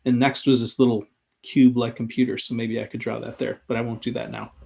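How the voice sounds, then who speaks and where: A man's voice: mid-range voice, flat delivery, fast talker, creaky, a little mellow, husky. A man giving live commentary in a drawing tutorial, talking casually and thinking aloud as he sketches. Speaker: sketchnoting instructor.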